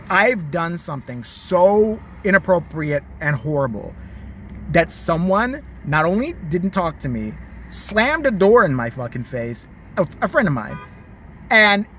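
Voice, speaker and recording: Profane, animated ranting man. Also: high voice, slight background noise. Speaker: vlogger. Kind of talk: ranting commentary.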